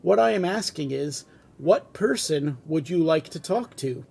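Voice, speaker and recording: Officious phone operator, read by a man, curt and formal, high and husky. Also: expressive, unhurried, a little mellow, exaggerated voice. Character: prim, overworked phone operator. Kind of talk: comic script reading.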